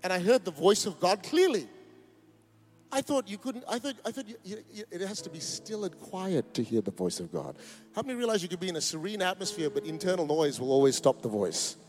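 A man's voice: high-pitched, big pitch swings, a little fast, darkish tone, soft background music. A man, preaching a sermon in a church, emphatic and rousing with joking asides. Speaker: pastor. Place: church auditorium.

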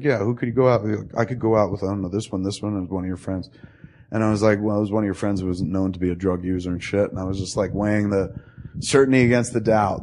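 A man telling a long story to a friend in casual talk, profane and animated, acting out both sides of the dialogue. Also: on the low side.

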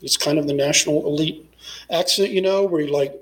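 Discursive middle-aged man, fairly high voice. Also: a little fast, low-quality recording. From Texas. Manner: discursive, many fillers and restarts. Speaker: guest. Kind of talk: casual interview conversation.

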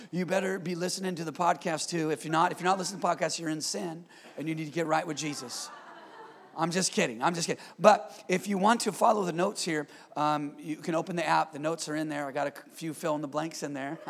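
A man preaches a sermon with energy, dropping joking asides and calling on the congregation for amens. His voice sits high and raspy, with a gravelly edge and breathiness. The sound carries a long reverb from the church hall. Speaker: pastor. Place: church sanctuary.

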